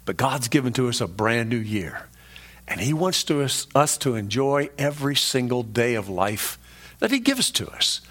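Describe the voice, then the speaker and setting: A man preaching a sermon, emphatic and conversational, swinging from rising peaks to low drops and speaking directly to his listeners. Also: very animated, normal speed, a bit bright. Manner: conversational asides to the congregation. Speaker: pastor.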